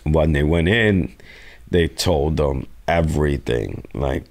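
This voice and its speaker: A young man from New York City telling stories as a podcast guest, profane and animated, acting out quotes. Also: extremely low pitch, slow pace. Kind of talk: casual storytelling interview.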